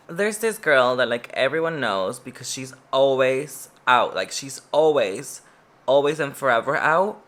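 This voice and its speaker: Woman vlogger with a Spanish mother tongue, bright tone, swears freely and jokes at her own expense. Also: rumbling low, animated, a little slow. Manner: chatty, profane, self-mocking jokes. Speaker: beauty vlogger. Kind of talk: casual get-ready-with-me storytime.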